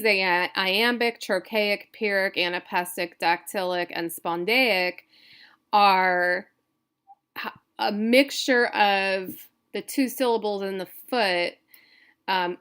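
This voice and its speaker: A woman instructor giving a recorded lecture, talking haltingly with many fillers and self-corrections. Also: mid-range voice, steady tone, a bit bright, clear, resonant tone.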